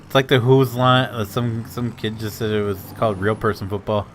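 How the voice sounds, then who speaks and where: A man's voice: on the low side, fairly even intonation, brisk, slight background noise. A man chatting casually during a gaming session, rambling and correcting himself as he talks. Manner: rambling, hesitant. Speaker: gamer.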